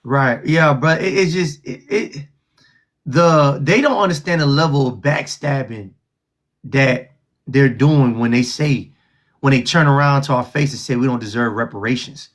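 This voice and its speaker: A man hosting a live call-in show, mocking and loud, laughing between trash talk. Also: medium pitch, unhurried.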